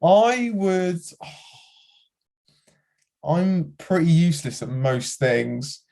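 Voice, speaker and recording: A man's voice: fairly high pitch, big pitch swings, extremely slow, creaky, a little mellow. A man co-hosting a podcast, chatting casually with enthusiasm and frequent giggles. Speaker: podcast co-host. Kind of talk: casual chat.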